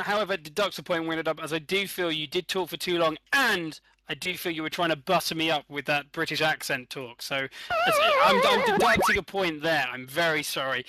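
A man hosting a podcast whose voice sits high and bright. He swings widely in pitch as he judges in a playful, mock-formal way. The sound is dry and close. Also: no echo, low-quality recording. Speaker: podcast host. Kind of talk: casual comedic chat.

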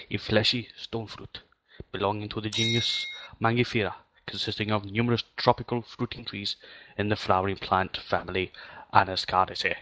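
A man's voice: lowish voice, bright, forceful tone, no echo, low-quality recording. A man voicing a laid-back Caribbean male wrestler cutting a mock-pompous promo on a voice call, in a put-on Caribbean accent.

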